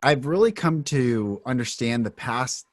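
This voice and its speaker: A man hosting a casual conversation, gentle and affirming in manner. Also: medium pitch, expressive, unhurried, no room sound, clean studio sound. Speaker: podcast host.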